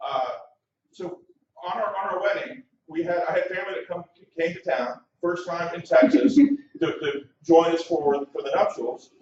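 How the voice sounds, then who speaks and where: A man's voice: sits high, animated, normal speed, darkish tone, slight background noise. A man in his forties doing his first stand-up set. He tells stories with nervous hesitations and leads the crowd in chants. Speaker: comedian. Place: comedy club stage. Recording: echoey club heard from far off on a dull mic.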